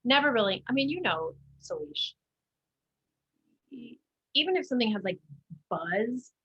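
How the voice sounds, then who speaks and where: A woman's voice: on the high side, very animated, unhurried, a bit bright, breathy edge, lo-fi sound. A woman guest on an interview show, talking casually about her theater work, chatty and full of fillers and restarts. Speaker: guest, musical theater actor.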